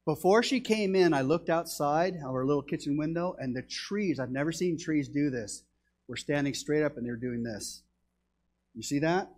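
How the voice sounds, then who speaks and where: Man, middle-aged pastor, husky, animated sermon delivery with shouted peaks. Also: fairly high pitch, normal speed. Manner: animated storytelling, shouting when excited.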